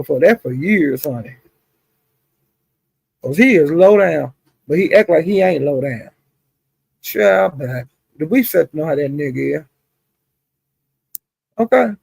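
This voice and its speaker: Gravelly, husky woman gossiping on a stream. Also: low-pitched, darkish tone, no echo. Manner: chatty, greets viewers by name, sprinkles "honey" and "child". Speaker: live stream host. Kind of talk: casual gossip commentary. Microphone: streaming setup.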